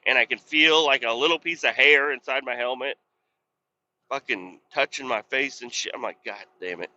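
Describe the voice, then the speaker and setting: Man, casual podcast host, swears freely, exasperated rambling story; very bright voice, slightly dull lo-fi recording. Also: medium pitch, steady tone, fairly quick.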